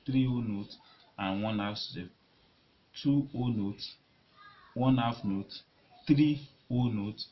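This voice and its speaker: A man teaching a beginner piano lesson, talking in a halting way and repeating words as he demonstrates at the keyboard. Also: fairly low pitch. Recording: lo-fi recording with loud piano. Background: piano notes being played.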